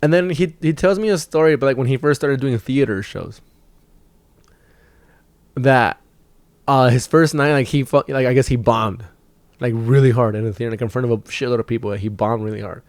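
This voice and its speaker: A young stand-up comic rambles through a story on his own podcast, cursing freely and getting animated when he quotes people. His voice sits at an ordinary pitch for a man. The sound is dry and close. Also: a little fast, no room sound. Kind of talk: casual storytelling monologue.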